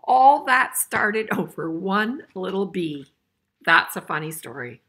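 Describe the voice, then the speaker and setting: Reading a picture book aloud for kids, an older woman chuckles, plays along, and asks her listeners questions. She speaks slowly at a medium pitch with big swings, a fairly bright tone, and a breathy edge.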